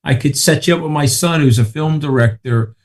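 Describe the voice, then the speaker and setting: A man guesting on a podcast, telling rapid, profane stories full of asides and checking in with the listener. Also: a little high, darkish tone. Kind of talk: casual chat.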